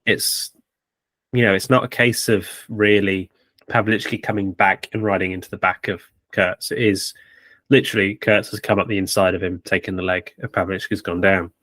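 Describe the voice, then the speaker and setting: A man with a fairly low voice talks through his views in a relaxed but firm way, pausing on fillers as he works through each point. The sound is dry and close to the mic. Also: no echo. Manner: opinionated, measured analysis with fillers. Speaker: podcast co-host. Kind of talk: casual sports chat.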